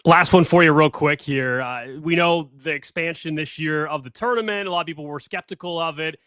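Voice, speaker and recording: A man co-hosting a sports radio show, posing quick questions in a casual way. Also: on the high side, fairly bright tone, no echo.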